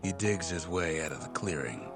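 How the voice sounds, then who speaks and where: An actor playing a weathered, laconic old frontier narrator in a video game, with a deep drawl. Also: male voice, lively intonation, normal speed, creaky. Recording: game audio under music. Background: game music.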